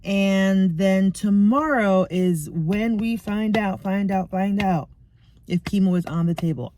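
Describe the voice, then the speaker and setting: A middle-aged woman talking candidly in a chatty personal video diary, sometimes dropping into soft asides. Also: mid-range voice, unhurried, no room sound. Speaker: vlogger. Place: sitting in a parked car.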